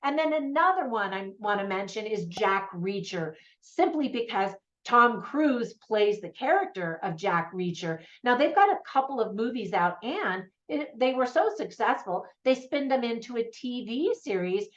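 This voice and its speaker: A woman's voice: on the high side, animated, normal speed, hardly any pauses. A woman giving a casual, enthusiastic spoken film review as host, laughing often. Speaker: movie reviewer. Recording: slightly dull lo-fi sound.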